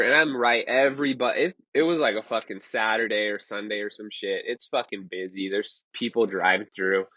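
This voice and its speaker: A man's voice: mid-range voice, pushed and bright, husky, no echo. A young man in his twenties telling a story casually, rambling and swearing and saying "dude" a lot. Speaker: vlogger. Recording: slightly muffled lo-fi recording.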